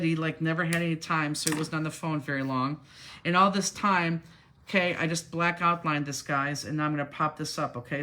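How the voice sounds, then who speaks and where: A woman's voice: sits low, fairly bright tone. A woman teaching a crafting class live, telling a long rambling story while she works and acting out what other people said. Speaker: crafting instructor.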